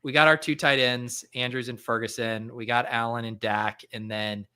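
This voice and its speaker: A man's voice: mid-range voice, level tone, moderate pace, sharp tone, clear, resonant tone. A man hosting a casual fantasy football draft podcast, loose and self-mocking, swearing offhandedly. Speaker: podcast host.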